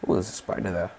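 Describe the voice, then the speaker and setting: A man with a low, gravelly voice talks his way through a let's play video. He rambles casually as he builds and keeps inviting viewers to chime in. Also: a bit bright, slight background noise. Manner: rambling, chatty, asks viewers to comment. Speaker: gaming channel host.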